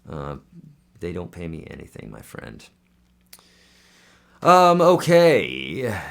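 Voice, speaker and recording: A man hosting a casual live Q&A as a guitar teacher, chatty and friendly, with lots of fillers and restarts. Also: lowish voice.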